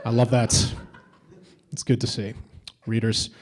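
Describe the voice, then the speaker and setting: A man's voice: medium pitch, level tone, measured pace, a little mellow, low-quality recording. A man doing a stand-up comedy set on a convention stage, with edgy, teasing banter toward the crowd.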